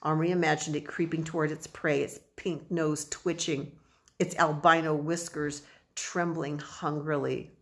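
A woman narrating a children's audiobook in a measured, expressive storytelling manner. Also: sits low.

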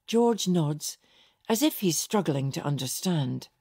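A woman with a husky, slightly low voice reads a historical novel at an unhurried pace. Her tone is dark and mellow, and the recording is dry and close, with no room sound. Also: lively intonation, no echo. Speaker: audiobook narrator. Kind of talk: scripted narration.

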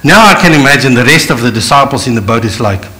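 This clip, a low-quality recording, features a middle-aged pastor with a South African English accent who talks fast in a medium-pitched voice with lively intonation and a bright, forceful tone. His sermon shifts between narrating and speaking straight to listeners, voicing the Bible characters as he goes.

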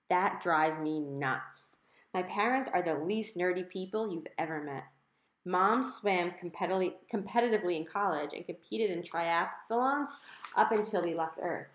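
Woman reading a novel aloud, roomy echo. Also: fairly low pitch. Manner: clear, conversational storytelling. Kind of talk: audiobook narration.

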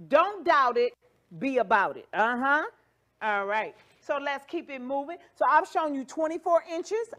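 High-pitched and a bit bright, this woman hosts a wig demonstration on a livestream for her wig shop. She keeps things playful and talkative, singing, joking, and cheering on her audience with hype catchphrases.

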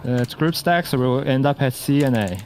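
A man in casual voice chat during a game raid, calling out mechanics in quick repeated bursts and swearing now and then. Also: medium pitch, animated, a little mellow.

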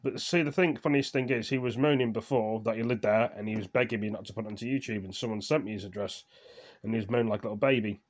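A man vlogging casually, reading viewer comments aloud in a slow, halting way with fillers, his voice trailing off quietly. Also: lowish voice. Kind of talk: casual chat.

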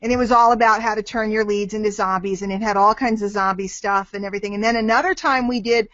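A woman hosting a casual chat over a video call, lively and teasing with her guests. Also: medium pitch, no echo. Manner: lively, teasing, quick to laugh. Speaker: host taking questions. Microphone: webcam on a video call. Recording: dry, dull lo-fi web-call audio.

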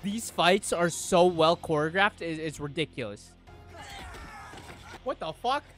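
A young man reacting to a show with loud, profane, laughing outbursts. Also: fairly high pitch, lively intonation, a little slow. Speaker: reaction streamer. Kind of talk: excited reaction commentary. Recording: faint music behind.

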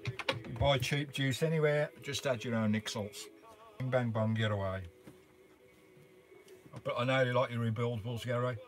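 A man's voice: mid-range voice, normal speed, pauses often. Older man, van life live-stream host, rambling chat, plenty of fillers, inside a camper van, faint music underneath. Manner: chatty, rambling, frequent "uh" fillers, calls viewers mate and sugar. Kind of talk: casual live-stream chat reading viewer comments.

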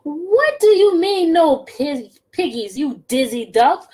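A woman voicing a shrill, bossy witch who screeches insults at farm animals in a read-aloud storybook. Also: big pitch swings, takes it slowly, a little mellow, full character voice. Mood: shrieking angry.

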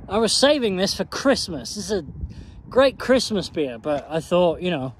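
A man talks loosely to his camera on an outdoor walk, a little drunk and swearing freely. His voice sits slightly high, with a faint hiss under it. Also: big pitch swings, normal speed. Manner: chatty, sweary, tipsy rambling. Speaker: vlogger. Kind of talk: casual rambling vlog. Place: outdoors on a walking path.

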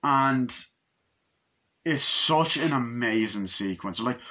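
A man's voice: mid-range voice, measured pace, long pauses, pushed and bright. A young man casually reviewing a horror movie on camera, rambling and swearing, acting out scenes with screams and little voices. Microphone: camera mic.

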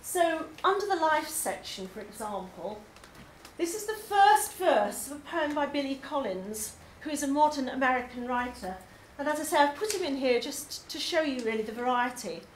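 In an echoey labour club hall with faint background noise, an English poetry tutor tells a group about her poetry course. She sounds enthusiastic and chatty, using lots of ums, and her high voice is expressive at a moderate pace.

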